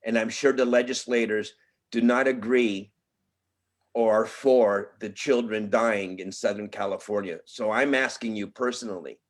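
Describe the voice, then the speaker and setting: Bereaved father at a press podium, lower-pitched man, pleading and choked with emotion. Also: fairly even intonation, moderate pace. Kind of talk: emotional public statement.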